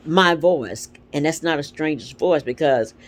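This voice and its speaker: A woman's voice: sits low, unhurried. A woman with congested sinuses, talking at home in an earnest, rambling way about her spiritual life on her vlog. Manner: earnest, rambling, animated storytelling. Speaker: vlog host. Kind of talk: casual spiritual reflection. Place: at home with a dog nearby.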